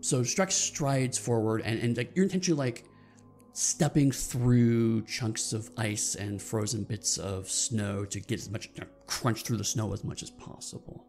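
A gravelly-voiced man running a tabletop role-playing game. He narrates the action and explains the rules in a loose, rambling way, restarting his sentences, with faint music behind him. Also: on the low side, measured pace, a little mellow. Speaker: game master.

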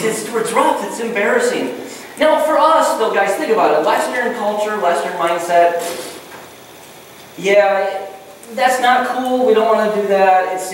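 Goofy pastor preaching from far back in an echoey hall. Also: male voice, sits high, a little hiss or hum. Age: middle-aged. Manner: goofy, conversational, acts out quoted voices. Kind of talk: sermon. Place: church hall.

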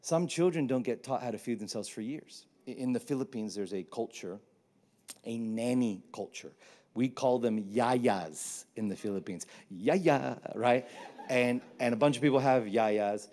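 A man, preaching a sermon with animated, humorous storytelling. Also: medium pitch, measured pace. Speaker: pastor.

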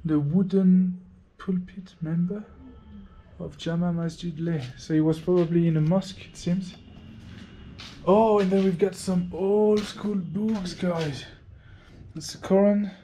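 An upbeat man with a French accent and a fairly high voice talks casually to his camera as he walks around outside. He often laughs at himself. Steady outdoor noise runs under his voice. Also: unhurried, poor audio. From France. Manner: chatty, upbeat, self-mocking. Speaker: motovlogger host. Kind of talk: casual vlog walk-and-talk. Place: outdoors at a museum and temple.

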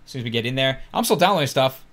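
A woman co-hosting a casual gaming livestream, chatty and prone to excited shouts. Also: extremely low pitch, racing. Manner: chatty, jumps into excited shrieks. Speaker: livestream co-host.

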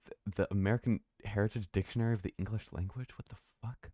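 A man's voice: on the low side, fairly even intonation, quick pace, mellow, no echo, studio quality. A man thinking aloud and swearing casually while live-streaming a video game.

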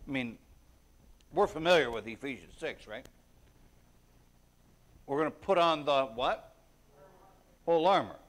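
Male preacher, unhurried sermon delivery, conversational and earnest with sudden emphatic bursts, mid-pitched voice. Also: expressive, fairly bright tone. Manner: reads scripture aloud in King James wording.

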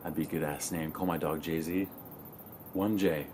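A young man talking casually to his camera in a relaxed, slangy way, swearing now and then. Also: rumbling low, normal speed, a little hiss or hum. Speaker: vlogger. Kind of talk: casual vlog talk to camera.

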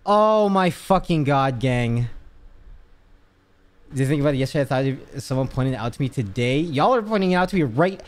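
Speaking at a moderate pace in a mid-range voice, a young streamer rants to his viewers during a casual livestream chat. He's animated, swears a lot, and sounds fed up.

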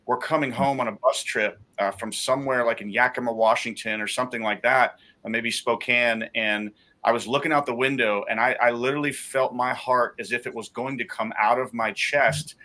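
Male guest, bright forward voice, heartfelt personal testimony. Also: mid-range voice, steady tone, moderate pace. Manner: heartfelt storytelling.

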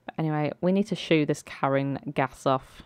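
Let's-play host, chatty and giggly, low smooth voice, close dry mic. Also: female voice, moderate pace, a little mellow, no echo. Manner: chatty, laughing, lots of ums. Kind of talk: game commentary with voiced characters.

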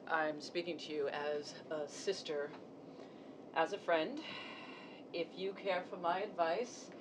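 An actress as a slow, soothing older sister. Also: female voice, mid-range voice, close to an everyday voice. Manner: soothing, tender. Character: gentle, caring older sister. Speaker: stage actor. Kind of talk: live stage acting. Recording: distant stage mic, noisy.

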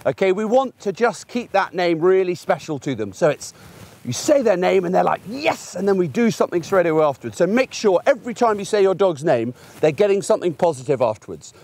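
A man's voice: high-pitched, lively intonation, brisk, darkish tone. A middle-aged man, a gundog trainer, explaining puppy training outdoors in a chatty way, using everyday examples. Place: outdoors in a field by a fence.

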